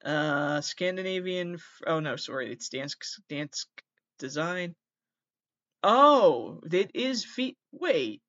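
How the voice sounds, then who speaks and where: A man's voice: a little high, sing-song, slow pace, fairly bright tone, dry recording. Rambling self-deprecating male podcast host. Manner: rambling, self-deprecating, stumbles over names. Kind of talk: casual comedic monologue. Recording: dull lo-fi dry sound.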